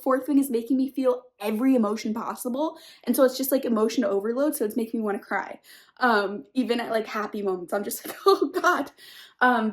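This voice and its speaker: A young woman vlogging about books, gushing casually with many "like" fillers and sometimes dropping into a whisper. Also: a little high. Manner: gushing, filler-heavy, lots of "like"; drops into a whisper late at night. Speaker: book vlogger. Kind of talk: casual reading vlog.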